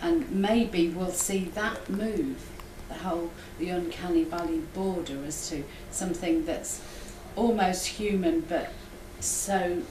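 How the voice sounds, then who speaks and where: A woman with a lowish voice joins a workshop discussion, thinking aloud and asking questions as she goes. She sounds roomy and echoey, with steady background noise. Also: slow, few pauses. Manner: musing, poses questions aloud. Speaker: workshop participant. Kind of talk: discussion contribution.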